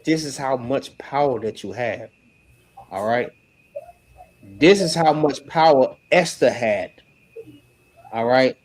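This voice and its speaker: A man teaching scripture in an animated, slangy way, often laughing. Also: mid-range voice, slow pace, pauses often. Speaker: religious teacher.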